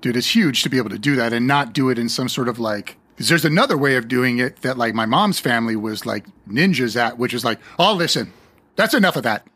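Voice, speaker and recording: Husky-voiced man chatting casually. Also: medium pitch, a bit bright. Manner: reactive, quick to laugh and swear. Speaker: podcast co-host. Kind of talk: casual chat.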